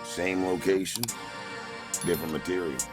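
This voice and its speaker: Very deep-voiced man closing out a podcast. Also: steady tone, normal speed, over loud music. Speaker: podcast host. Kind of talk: casual chat and sign-off.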